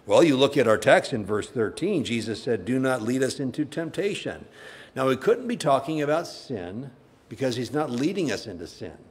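A man pastor preaching a sermon, conversational and plain-spoken, with sudden animated bursts. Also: mid-range voice.

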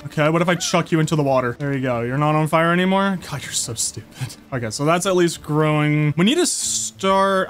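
A young man giving casual gameplay commentary, chatty and excitable, often talking fondly to the creatures in the game. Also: on the high side. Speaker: gaming YouTuber.

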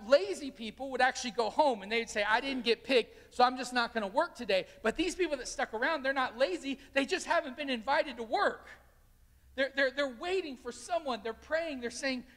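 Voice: mid-range voice, a bit bright, big-room sound. A pastor preaching a sermon, telling stories and animatedly acting out the quotes. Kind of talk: sermon with storytelling. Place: church sanctuary.

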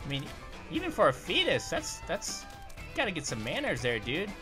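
A woman voicing a bubbly young female grape who hosts animated let's-play commentary, giggling, making puns and yelping at danger, over faint music. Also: sits low, normal speed. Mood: excitable. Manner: giggly, punny, yelps at danger. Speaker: host of gaming videos.

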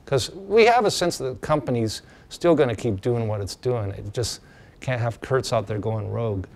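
A man teaching a class in a relaxed lecture voice. He thinks out loud and stumbles through restarts and fillers. His pitch sits in a middle range. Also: normal speed, gravelly. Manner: conversational, with many fillers and restarts.

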